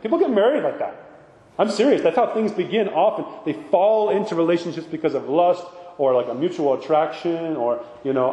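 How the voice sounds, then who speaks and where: A man's voice: fairly high pitch, expressive, brisk, warm tone, dull audio, a little hiss or hum. A man, an Orthodox priest, giving an informal sermon talk, conversational and full of rhetorical asides. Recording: echoey hall with long reverb.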